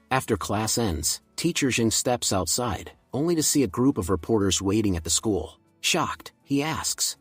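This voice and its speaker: A man narrates a story recap in a steady, even reading voice. His voice is husky and dry, with faint background music underneath. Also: lowish voice, moderate pace, few pauses, no room sound.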